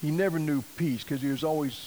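A man's voice: a little high, quick pace, a little hiss or hum, rough recording. Folksy man preaching a story. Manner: folksy, animated storytelling with quoted voices. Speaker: missionary preacher. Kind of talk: sermon storytelling.

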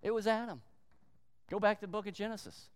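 A male pastor preaching a sermon in an emphatic manner, slowing down to stress points and briefly acting out quoted voices. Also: high-pitched, steady tone, smooth, in a large hall.

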